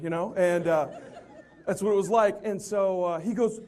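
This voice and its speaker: A male motivational speaker telling a humorous, self-deprecating story in a lively way and acting out the people in it. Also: high voice, normal speed.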